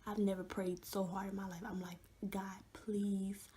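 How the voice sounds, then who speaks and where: A young woman vlogger telling an animated story with many fillers, often dropping to a hush. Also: mid-range voice, fast talker. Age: young adult. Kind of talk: storytime vlog.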